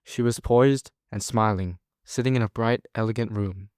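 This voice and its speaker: Guy reading a story aloud, lowish clear voice, dry close sound. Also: moderate pace, a little mellow, no echo. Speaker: student narrator.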